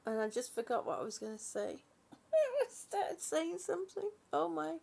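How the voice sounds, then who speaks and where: A woman with a high, gravelly voice hosts a casual livestream from her home. She greets her viewers one by one, yawns now and then and laughs easily as she loses her place in what she was saying. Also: sing-song, normal speed. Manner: chatty, warm greetings, yawning, laughing, losing her train of thought. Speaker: livestream host. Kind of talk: casual live chat with viewers.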